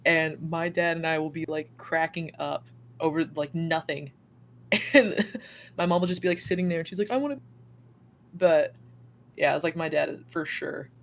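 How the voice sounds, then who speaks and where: Young woman guest telling stories, lively and laughing, voices the people she quotes. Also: low-pitched, normal speed, gravelly, a little hiss or hum. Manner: animated, laughing often, acts out quoted voices. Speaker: podcast guest. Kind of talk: casual storytelling chat.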